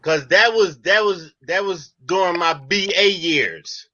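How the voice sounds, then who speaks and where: A man's voice: high voice, measured pace, sharp tone, no room sound, dull audio. A man hosting a casual comedy chat and reading out viewer questions in a laid-back drawl.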